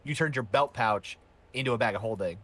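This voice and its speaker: A man's voice: medium pitch, a little fast, a bit bright. A man running a tabletop game as game master, narrating scenes and explaining rules at length.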